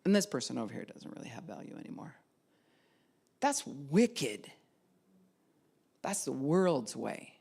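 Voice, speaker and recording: A woman pastor preaching a sermon, acting out quoted voices and dropping to a soft hush at times. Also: a bass voice, very animated, measured pace, creaky, pauses often, breathy edge.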